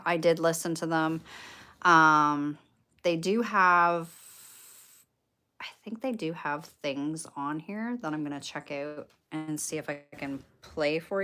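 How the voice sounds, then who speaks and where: A woman from Canada talks loosely to her livestream audience in a slightly low voice. She rambles, swears freely and fills gaps with "um" and restarts as she speaks from a candlelit room at home. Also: a bit bright, smooth. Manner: rambling and profane, with many fillers. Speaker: paranormal livestreamer. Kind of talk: casual livestream chat.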